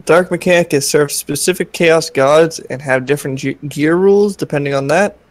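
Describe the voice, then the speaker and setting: A young man reading chat questions aloud on a livestream and tossing in wisecracks. His voice sits a little high for a man. The sound is dry and close, with no room in it. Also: moderate pace, no room sound.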